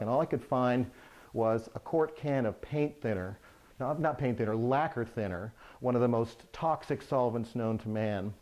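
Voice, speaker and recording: Middle-aged contractor guy telling a funny job story, mid-pitched voice, lively. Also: moderate pace. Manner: lively, humorous anecdote-telling. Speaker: remodeling contractor. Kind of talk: storytelling to camera.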